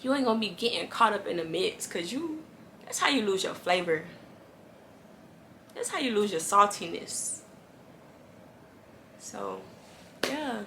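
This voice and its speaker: A woman's voice: mid-range voice, very animated, a little slow, pauses often, noisy background. A woman giving an earnest, casual devotional talk to camera, encouraging viewers and repeating lines for emphasis. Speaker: Christian faith vlogger.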